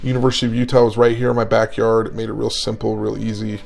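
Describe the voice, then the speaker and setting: Gravelly-voiced man in his forties. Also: lowish voice, fast, soft background music. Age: 40s. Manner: animated storyteller, acting out dialogue. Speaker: guest, mental performance coach. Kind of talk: casual interview storytelling.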